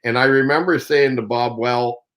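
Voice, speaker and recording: A man's voice: mid-range voice, steady tone, moderate pace, fairly bright tone, poor audio. A Canadian man, a professional angler, telling a story in a casual, rambling way with many fillers. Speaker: professional angler and show host.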